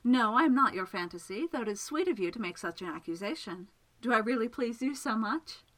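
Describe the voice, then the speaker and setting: Casting note: woman reading an amused, self-assured enchantress, teasing and playful, with a lively pitch. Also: fairly quick. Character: playful, confident female enchantress magician. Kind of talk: audiobook character reading.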